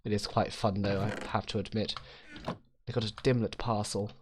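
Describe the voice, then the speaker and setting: A man's voice: on the low side, little pitch movement, moderate pace, slight background noise. A man rambling through casual game commentary, self-mocking and swearing freely. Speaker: gaming video host.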